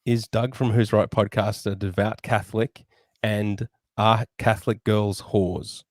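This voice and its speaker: A man co-hosting a podcast, reading out questions in casual banter with a deadpan manner and chuckles. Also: fairly low pitch, measured pace, no echo. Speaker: podcast co-host.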